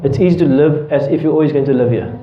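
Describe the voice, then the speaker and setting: A man's voice: a little high, fast, background noise. Man teaching in a roomy classroom. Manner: explains with everyday examples and keeps checking in with students. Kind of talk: classroom lecture. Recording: roomy, dull lecture-hall recording.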